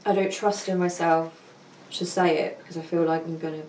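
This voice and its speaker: A woman's voice: on the low side, fairly even intonation, a little fast, darkish tone. A woman, a client, chatting casually over a video call and speaking hesitantly as she searches for her words. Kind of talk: casual chat. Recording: distant, echoey, noisy call.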